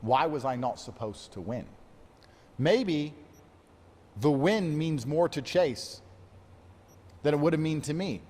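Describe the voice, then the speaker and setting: A man's voice: fairly high pitch, lively intonation, slow, pauses often, a little mellow, big-room sound. A man in his thirties, a fighter, talking in a brooding, self-pitying monologue laced with swearing. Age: 30s. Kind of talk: emotional monologue.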